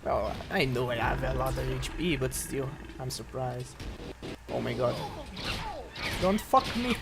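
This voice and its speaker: A man giving let's-play commentary on a game, breaking into excited, swearing outbursts at the action. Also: medium pitch, normal speed, vocal fry. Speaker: gameplay commentator.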